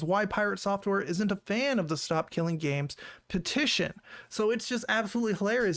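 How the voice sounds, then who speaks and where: A man's voice: high voice, dry recording. A man doing mocking, sarcastic commentary on an online drama. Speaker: commentator in reacted video. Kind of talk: casual commentary video.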